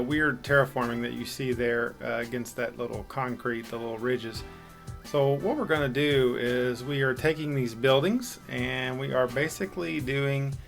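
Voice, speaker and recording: A man's voice: mid-range voice, a bit bright. Male let's play host, casual and chatty, mid-range voice, faint music underneath. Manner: chatty and self-deprecating, with frequent fillers. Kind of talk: casual gameplay commentary.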